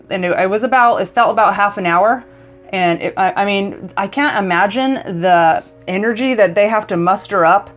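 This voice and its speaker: A woman vlogger with a medium-pitched voice shares a personal story casually and emotionally, often stumbling and starting her sentences over.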